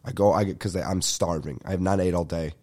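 Young guy ranting on a podcast, low warm voice, swears a lot. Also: quick pace. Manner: animated ranting with frequent profanity. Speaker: podcast host. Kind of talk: ranting comedic storytelling.

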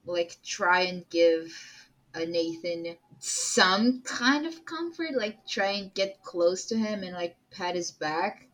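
A woman playing a character in a tabletop game, talking in a slow, playful way and often laughing. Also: lowish voice, expressive, fairly bright tone. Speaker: player.

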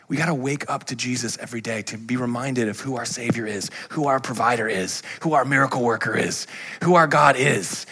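Male pastor, sermon; lively storyteller who acts out the characters with humor, mid-range voice. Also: medium pitch, quick pace, breathy edge. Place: church.

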